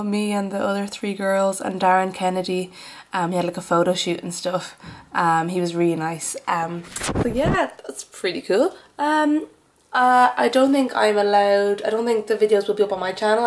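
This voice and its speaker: A woman's voice: medium pitch, poor audio. A young woman in her twenties, filming a casual vlog at home in a dim room, rambling and self-deprecating. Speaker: vlogger.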